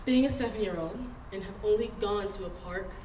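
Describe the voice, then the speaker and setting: A woman's voice: medium pitch, brisk, background noise. A woman telling an earnest, reflective personal story at a story slam. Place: stage in a large hall. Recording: echoey hall, picked up from a distance.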